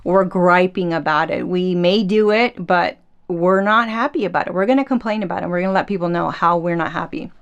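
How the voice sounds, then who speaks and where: A woman hosting a casual faith podcast, retelling a Bible story in a chatty, animated way and acting out the quotes. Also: lowish voice, fairly quick, clean tone, dull audio. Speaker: podcast host.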